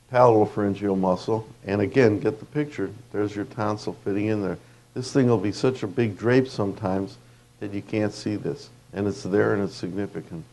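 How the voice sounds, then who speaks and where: A man's voice: lowish voice, gravelly, darkish tone. A man giving an anatomy lecture to dental students in a conversational, anecdotal way with fillers and restarts.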